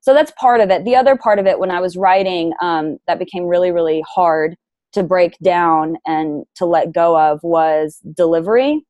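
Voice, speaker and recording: Frank, low-voiced woman guest. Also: moderate pace, dry recording, lo-fi sound. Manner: frank and lively, plays devil's advocate. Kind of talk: casual interview chat.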